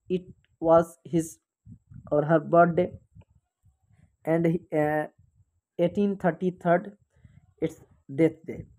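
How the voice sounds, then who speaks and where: Soft-toned Indian English woman tutoring. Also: fairly low pitch, low-quality recording. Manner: reads options in measured list fashion, then explains. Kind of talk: exam question walkthrough lesson.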